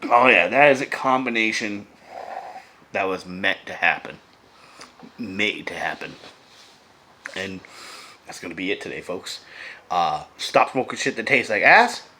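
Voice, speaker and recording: A man casually chatting to camera as a vlogger, loose, profane and enthusiastic, often dropping to a hush. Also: deep voice, lively intonation, a little slow, long pauses. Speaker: vlogger reviewing beer and vape pairings.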